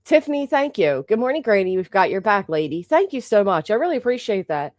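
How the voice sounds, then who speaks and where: A woman's voice: medium pitch, sing-song, fairly quick, few pauses, no room sound, studio quality. A woman hosting a casual livestream who rambles with many restarts, swears freely, thanks members in the chat and has a sore throat. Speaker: livestream host.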